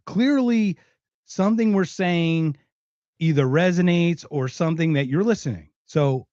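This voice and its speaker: A man's voice: on the high side, a little mellow, dry recording, dull audio. A man from Philadelphia with a faint Philadelphia accent, hosting a podcast in a rambling, chatty way. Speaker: podcast host. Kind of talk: casual chat.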